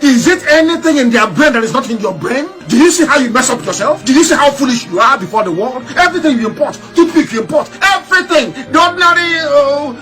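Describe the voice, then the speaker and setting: A man's voice: very high voice, lively intonation, quick pace, few pauses, sharp tone, soft background music. A man giving an impassioned political monologue as a broadcaster, scornful and mocking, firing off rhetorical questions.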